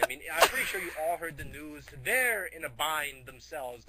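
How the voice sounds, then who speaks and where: A man excitedly retelling a crude, rambling comic story, full of repeated catchphrases. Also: a little high, fairly quick, hardly any pauses, a crowd in the background.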